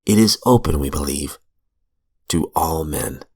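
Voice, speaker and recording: A man reading aloud from a recovery book in a measured, earnest way, with brief asides, into a close mic in a small room. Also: extremely low pitch, animated, gravelly, slightly rough. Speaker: reader of recovery literature.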